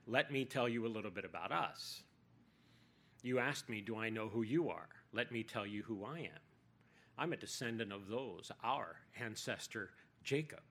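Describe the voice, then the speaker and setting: A man's voice: lowish voice, expressive, normal speed, a bit bright. A man voicing a sarcastic, defensive Samaritan woman at a well, in a sermon retelling. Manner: snarky, defensive.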